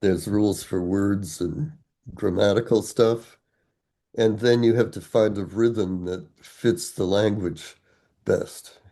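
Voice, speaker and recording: An older man being interviewed as an author, explaining his work in a deliberate way with frequent fillers. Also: on the low side, steady tone, mellow. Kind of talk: explaining and reciting verse.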